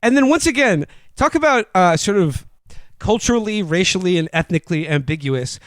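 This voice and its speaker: A man co-hosting a podcast, retelling a film plot in a rambling, animated comic chat with laughs. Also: high-pitched, brisk, dry recording. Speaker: podcast co-host. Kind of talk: casual comedic film review chat.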